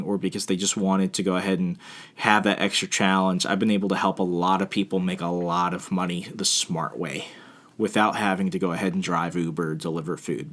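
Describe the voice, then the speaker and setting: A man's voice: low-pitched, fairly bright tone. A male podcast host giving casual advice in a rambling, self-deprecating way, full of fillers and restarts.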